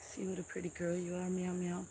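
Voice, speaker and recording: A woman hosting a casual farm livestream, softly chatting and cooing baby talk to cats, sometimes dropping to a whisper, on a camera mic. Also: on the low side, monotone, fairly quick, a little hiss or hum. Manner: soft-spoken, drifts into whispers.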